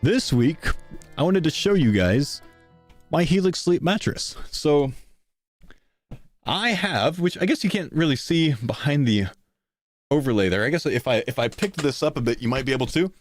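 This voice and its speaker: A man's voice: a little high, animated, normal speed, pauses often, soft background music. A young man live-streaming a sponsor read, out of breath and chatting casually to his viewers. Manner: casual, chatty, talks to chat.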